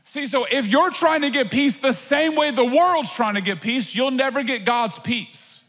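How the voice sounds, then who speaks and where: A man's voice: extremely high pitch, moderate pace, fairly bright tone. A man preaching a sermon as pastor, in a conversational, playful way with asides. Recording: long hall reverb.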